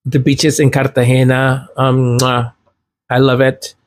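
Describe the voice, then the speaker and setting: A man's voice: medium pitch, monotone, unhurried. A man hosting a podcast, chatting casually, laughing easily and repeating himself as he reads viewer comments. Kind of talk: casual livestream chat.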